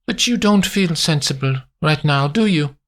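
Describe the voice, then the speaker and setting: A man reading a story aloud, voicing a calm, clinical female agent in a measured, unemotional way. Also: on the high side, pitched above the performer's own voice, natural voice.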